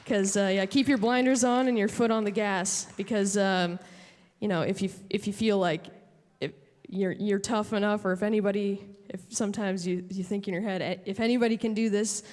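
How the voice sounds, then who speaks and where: Woman, award acceptance speech, halting, filler-heavy, stage mic, long hall reverb. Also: mid-range voice, fairly even intonation, darkish tone. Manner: halting, many fillers and restarts. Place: large hall at an awards show.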